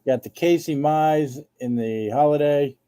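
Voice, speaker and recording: A man's voice: fairly high pitch, unhurried, warm tone, smooth. A man hosting a live card-sale stream, chatting casually and listing cards as he shows them.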